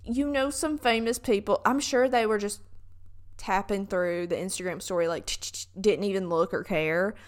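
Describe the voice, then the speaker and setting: A woman's voice: medium pitch, moderate pace. A young woman with a Southern US accent, chatting casually in a vlog and telling stories with lots of fillers.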